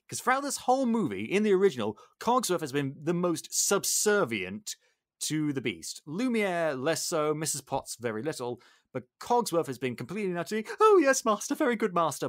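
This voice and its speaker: A man hosting a podcast, retelling a film plot in animated, jokey casual chat. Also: medium pitch, no echo, clean studio sound. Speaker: podcast host.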